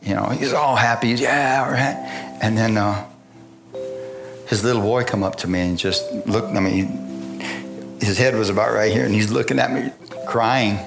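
A man's voice: lowish voice, normal speed, gravelly, pauses often. Guy preaching, folksy story, keeps asking isn't that right, guitar music going. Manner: folksy, storytelling, asks the crowd for agreement. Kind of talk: sermon testimony.

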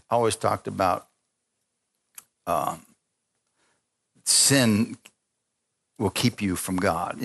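A middle-aged man preaching a sermon, telling personal stories and acting out the voices in them. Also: medium pitch. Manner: animated storytelling, acting out voices. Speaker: pastor.

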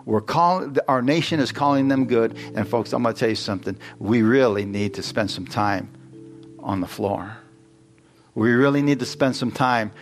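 A man preaching a sermon, emphatic and questioning his congregation, rising into exclamations. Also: medium pitch. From United States.

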